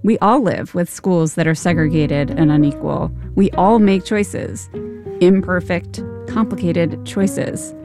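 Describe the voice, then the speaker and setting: A woman host giving measured, reflective scripted narration. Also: lowish voice. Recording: narration over guitar music. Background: guitar music.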